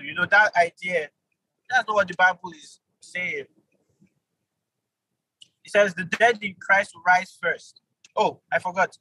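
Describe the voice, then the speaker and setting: A man teaching an online Bible study, animated, with sudden jumps in pitch for emphasis and quick apologetic asides. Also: slightly rough, no echo, rough recording.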